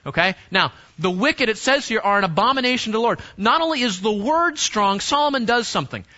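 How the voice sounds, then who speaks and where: A man preaching to young people in an emphatic way, often repeating words and restarting his phrases. His voice sits high and sounds bright and forceful. The recording is dull and lo-fi. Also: lively intonation, a little fast. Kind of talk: sermon to teenagers.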